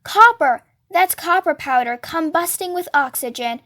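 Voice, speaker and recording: A woman voicing a tiny, brainy, excitable teenage boy who shouts and gives orders. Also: high voice, moderate pace, natural voice. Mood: excited shouting. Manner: shouting eager and bossy.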